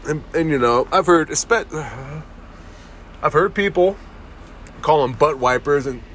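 A young man rants through a comedy podcast monologue, swearing freely and tacking "dude" onto his lines. His voice sits a bit high for a man. It is recorded on a phone held close to his face outdoors, with faint street sounds behind him. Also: slow pace, a bit bright, slight background noise. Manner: crude, swearing, says "dude" constantly. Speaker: podcast host. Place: outdoors in a town, near parked cars.

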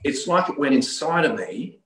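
A man from Australia, middle-aged or older, tells a personal conversion story as a guest. He talks earnestly, often restarting his sentences as he searches for words. His voice sits at an ordinary pitch in a roomy, echoing space. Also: very animated, normal speed. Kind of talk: telling a personal faith story. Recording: roomy echo.

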